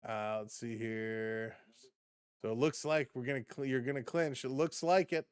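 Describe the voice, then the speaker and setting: A man's voice: medium pitch, fairly even intonation, normal speed, clear, resonant tone, no echo. A man hosting a live sports stream, chatting casually with viewers, reading chat aloud and laughing often.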